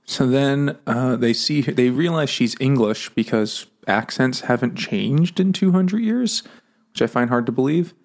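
A man hosting a casual book-chat podcast over beers, sarcastic, acting out characters' lines in quick bits. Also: mid-range voice, lively intonation. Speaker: podcast host.

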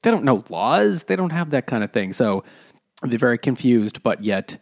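A man's voice: medium pitch, sing-song, moderate pace, gravelly, a little mellow. A man co-hosting a book club podcast, explaining the plot in casual, rambling detail. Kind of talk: casual chat.

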